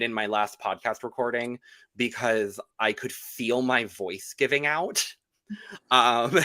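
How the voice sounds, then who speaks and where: A man hosts a loose, joking podcast chat with a campy, chatty delivery. His voice sounds worn and close to giving out, though it keeps a bright, forceful edge. It comes through dry and close to the mic. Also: medium pitch, no echo. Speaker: podcast host. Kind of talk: casual chat.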